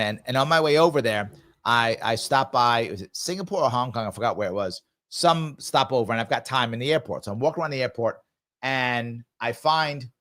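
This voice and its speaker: A man with a medium-pitched, slightly bright voice hosts a live ask-me-anything stream. He answers viewer comments and tells a travel story, speaking emphatically and conversationally.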